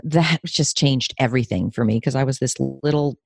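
Her voice is gravelly and at normal speed, captured in studio quality with no room sound. She's a New York State woman in her fifties who works as a therapist and career coach, talking frankly and with feeling during an interview, her pitch lifting whenever she's moved.

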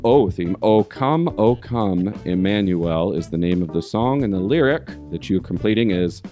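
A man with a fairly low voice that swings widely in pitch as he hosts a playful podcast. He teases his co-hosts like a mock-stern quizmaster. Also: lively intonation, moderate pace, warm tone, soft background music. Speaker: podcast host running a lyric quiz.

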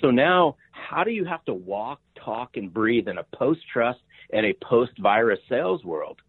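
A husky, mid-range voice with no echo belongs to this podcast guest, a sales author in his fifties, who speaks a little slowly but very animatedly through a tinny phone line. Emphatic and repetitive, he frequently throws in "right?"

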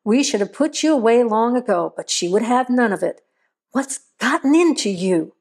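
A woman's voice: fairly high pitch, animated, normal speed, darkish tone. Grumpy stern farmer guy, woman doing him, harsh and accusing. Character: stern scolding older farmer man.

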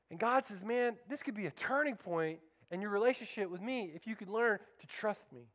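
A man's voice: high voice, brisk, few pauses, fairly bright tone. A man preaching a sermon as pastor, fervent and calling out to his congregation for responses.

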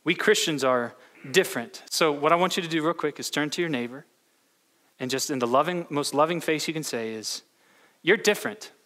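Male pastor, bright tense voice, chatty sermon full of restarts, echoing church hall. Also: a little high, a little fast. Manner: storytelling with many restarts. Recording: long hall reverb.

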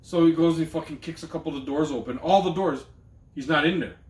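A man, co-hosting a podcast and telling a long story in a loose, profane, animated way. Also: fairly high pitch, fast. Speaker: podcast co-host. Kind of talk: casual storytelling chat. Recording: echoey room.

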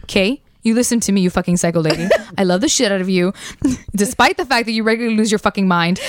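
A woman's voice: on the high side, no echo, studio quality, close to an everyday voice. A woman voicing an exasperated husband who rants and swears at his wife. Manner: ranting, cursing, all-caps outbursts. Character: exasperated swearing husband, young adult man.

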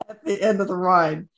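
A man co-hosting a podcast in casual chat, eager and quick to laugh. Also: high voice, gravelly, fairly bright tone. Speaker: podcast co-host.

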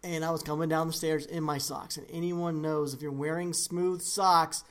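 A man's voice: on the high side, level tone, normal speed, a bit bright. A man co-hosting a podcast, chatting casually and telling rambling stories with lots of fillers. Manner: rambling, laid-back storytelling. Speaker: podcast co-host. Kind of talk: casual chat.

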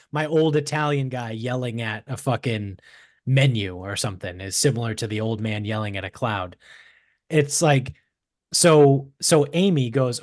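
A man around thirty with a Boston accent, co-hosting a podcast and telling stories in an animated, profane way. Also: medium pitch, normal speed, dry recording, studio quality. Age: 30s. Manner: animated, swearing storyteller. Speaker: podcast co-host. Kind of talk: casual chat.

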